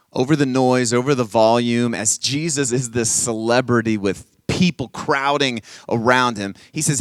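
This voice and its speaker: A man preaching an energetic youth sermon at a camp session, playfully coaxing the audience to call back lines. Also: medium pitch, unhurried, no echo. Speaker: camp speaker.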